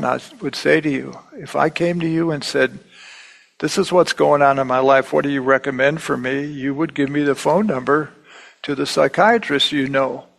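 A man's voice: on the high side, gravelly, rough recording. A middle-aged man teaching a Bible class in a conversational way, repeating himself and acting out the quotes he reads. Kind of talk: sermon.

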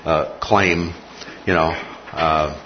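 Low-voiced male lecturer in a classroom, deliberate, checks in often; dull, slightly noisy recording. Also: steady tone. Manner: repeats key phrases, checks in with "okay?". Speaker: Bible teacher. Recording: muffled recording with faint noise.

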